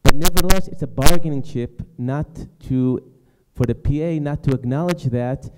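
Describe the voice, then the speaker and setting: A man on a panel giving a short, measured response, reasoning through his point with small restarts. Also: mid-range voice, clear, resonant tone. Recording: noisy recording.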